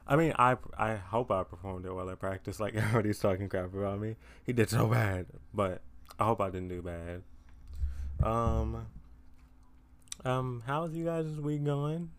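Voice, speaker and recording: A man's voice: on the low side, fairly even intonation, moderate pace. A teenage young man hosting his own podcast, talking casually and tiredly, rambling with lots of fillers and self-deprecating asides. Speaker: podcast host. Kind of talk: casual solo chat.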